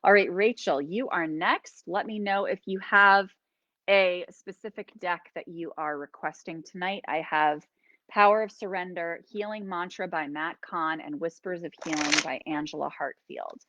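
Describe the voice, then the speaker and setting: Woman, live oracle card reading, soft encouraging guidance, fairly low voice, dry muffled stream sound. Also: normal speed, no echo. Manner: gently encouraging, guides breathing, calls listeners friends. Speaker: host and healer.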